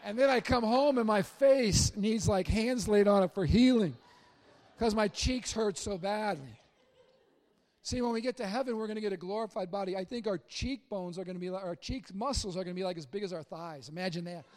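A middle-aged male pastor with a high-pitched voice delivers a joking, story-driven sermon in a church. He swings between loud, excited bursts and quiet, hushed asides. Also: fairly quick. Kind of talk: humorous sermon. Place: church sanctuary.

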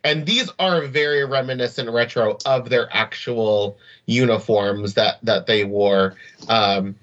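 A man co-hosting a film podcast, chatting casually with quick asides and laughs. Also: medium pitch, fairly bright tone, highs cut off. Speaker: podcast co-host. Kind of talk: casual chat. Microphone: podcast mic, also on video.

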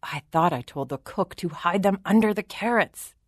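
A woman's voice: on the low side, expressive, moderate pace, no echo. Woman reading as a flustered storybook king, muttery and unsure, kinda dry sound. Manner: muttering, hesitant. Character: flustered, bewildered middle-aged storybook king.

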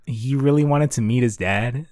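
A man's voice: mid-range voice, moderate pace, a little mellow, no echo, clean studio sound. A man chatting casually about an anime episode with a friend, in a laid-back way full of "like" and swearing. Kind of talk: casual anime recap chat.

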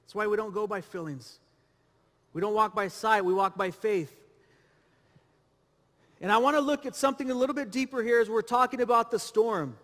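Male pastor, bright ringing tone, repetitive sermon delivery in a reverberant hall. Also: high-pitched, moderate pace, pauses often. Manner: preaching with rhetorical questions and repetition.

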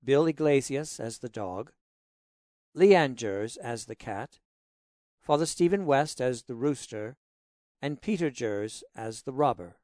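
A man's voice: medium pitch, takes it slowly, no room sound, clean studio sound. Man reading closing credits. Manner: plain, steady announcing. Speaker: announcer.

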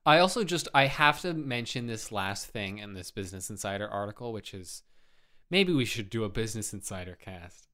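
A man's voice: on the low side, animated, fairly quick, pushed and bright. A man co-hosting a casual podcast chat, sarcastic and rambling, swearing freely. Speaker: podcast co-host.

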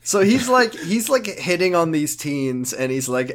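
A man chatting on a comedy podcast as he recaps a TV episode. His voice sits a little high for a man, and he keeps cracking jokes and slipping into silly impressions of the characters. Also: big pitch swings, a little slow. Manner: jokey, puts on silly voices for characters, swears. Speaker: podcast co-host. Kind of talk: casual comedic chat recapping a TV show.

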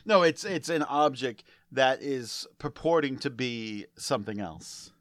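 A man's voice: mid-range voice, lively intonation, measured pace, a bit bright. A man co-hosting a podcast, joking through a casual, self-mocking chat over beers. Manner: joking, self-mocking, drinking beer while talking. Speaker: podcast co-host.

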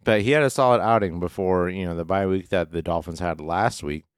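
A man's voice: deep voice, fairly quick, clear, resonant tone, no room sound, clean studio sound. A man co-hosting a fantasy football podcast, talking loosely and casually, with a bit of swearing. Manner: loose, profane, uses workplace analogies. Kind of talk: casual sports chat.

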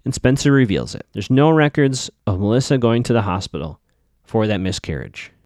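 Podcast guy recapping an episode, lively up and down voice, dry close sound, pretty opinionated. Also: lowish voice, normal speed, no echo. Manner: chatty, opinionated, skeptical asides. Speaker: podcast host.

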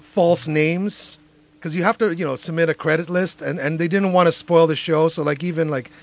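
A man's voice: fairly high pitch, steady tone, moderate pace, gravelly. A man interviewing an actor, talking casually and often repeating words as he starts a thought.

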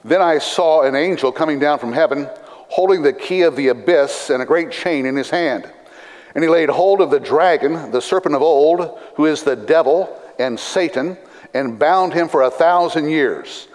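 Brief: male pastor, slightly higher voice, measured scripture reading, long hall reverb. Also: a little mellow. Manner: measured, deliberate reading with dry asides.

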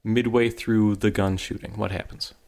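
A man co-hosting a podcast, chatting casually in an animated, rambling way that jumps up in pitch when he gets excited. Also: moderate pace, vocal fry. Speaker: podcast co-host. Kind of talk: casual chat.

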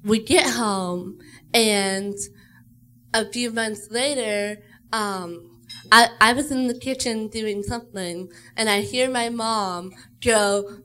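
A woman's voice: medium pitch, slow pace, fairly bright tone, smooth. A woman from Texas telling a playful story about her dog. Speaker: guest storyteller. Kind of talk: casual storytelling.

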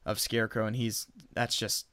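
Bright, clear-voiced male podcast co-host. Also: on the low side, level tone, moderate pace, no room sound. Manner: rambling, self-correcting recaps. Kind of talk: casual chat.

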